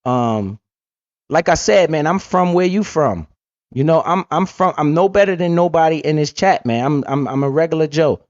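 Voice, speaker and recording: A blunt, streetwise man hosting a profane, casual money-talk livestream, with big swings in pitch as he talks. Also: animated, moderate pace, darkish tone, no echo, highs cut off. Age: adult parent. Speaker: livestream host.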